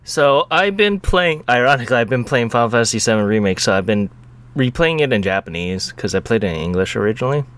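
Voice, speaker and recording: A man co-hosting a casual gaming podcast, talking with quick self-corrections. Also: medium pitch, lively intonation, a bit bright, slight background noise. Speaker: podcast co-host.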